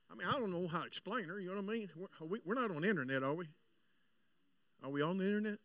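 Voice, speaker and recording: A man preaching at a church revival, swinging from chatty storytelling to loud shouting. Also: sits high, fast, dry recording, studio quality, recorded from a distance. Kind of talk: revival sermon. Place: church sanctuary.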